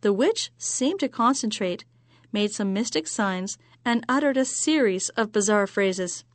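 A woman telling a joke as a story in an even, measured way. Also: medium pitch, dry recording.

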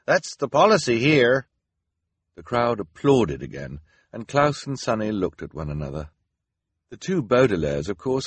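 A man narrates a storybook in a wry, measured way. His voice sits low with a husky grain, and the pitch moves in a lively way. The close-miked recording sounds dry. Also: dry recording. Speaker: audiobook narrator.

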